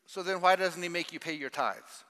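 An older man preaching a sermon, emphatic and animated, questioning the congregation. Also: sits high, normal speed. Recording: long hall reverb.

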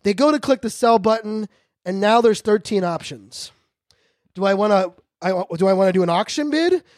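A man hosting a podcast, talking fast and joking in a high-energy casual monologue. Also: expressive, a little mellow, no echo, studio quality. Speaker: podcast host.

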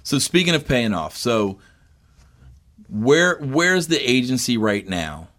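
A man's voice: mid-range voice, very animated, takes it slowly, fairly bright tone. A man, co-hosting a podcast in a rambling, chatty way. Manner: rambling, chatty, joking about bourbon. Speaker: podcast co-host. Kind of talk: casual podcast chat.

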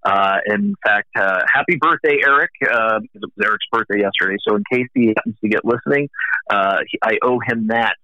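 A man's voice: fairly low pitch, brisk, sharp tone, no echo. A middle-aged man in casual conversation about the music business, telling long rambling anecdotes. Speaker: music industry guest. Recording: dull dry lo-fi recording.

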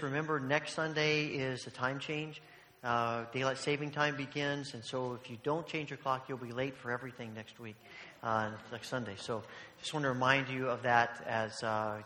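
A man with a bright, forward voice gives relaxed, matter-of-fact announcements with frequent little hesitations. The sanctuary around him is roomy, with a long reverb trailing his words. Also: mid-range voice, normal speed. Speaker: church leader giving announcements. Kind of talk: church announcements. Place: church sanctuary.

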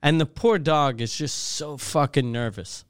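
A man in casual banter, reacting with profanity and quick asides. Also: fairly high pitch, clear, resonant tone, no room sound, clean studio sound. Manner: animated, swearing, quick reactions.

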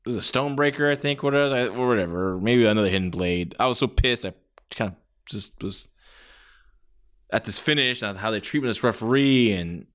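A man's voice: medium pitch, fast, hardly any pauses, a bit bright. A man giving a casual, rambling spoken review of a wrestling match. He swears freely and often restarts his sentences.

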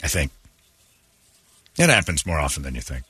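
A man's voice: normal speed, long pauses, husky, no echo. A man hosting a casual morning radio show, joking and bantering with his co-host. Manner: animated, jokey, jumps into mocking high voices.

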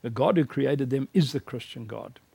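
A man teaches in a gravelly, slightly husky voice, recorded dry and close. He speaks with emphatic conviction and mixes in personal stories. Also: medium pitch, normal speed, mellow, no room sound. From South Africa. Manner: earnest, emphatic preaching cadence with personal anecdotes. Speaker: lecturer.

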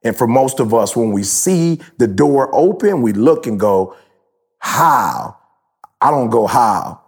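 A man in his thirties hosting a podcast, talking in an animated, preachy, slangy way. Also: medium pitch, normal speed, breathy edge. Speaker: podcast host. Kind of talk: casual podcast chat. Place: live event in Jamaica.

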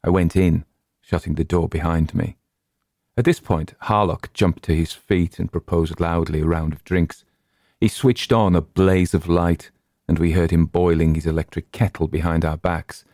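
Deep, dark-voiced man reading horror. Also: steady tone, dry recording, clean studio sound. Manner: measured, deliberate storytelling. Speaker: story reader. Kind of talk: scripted narration of a horror story.

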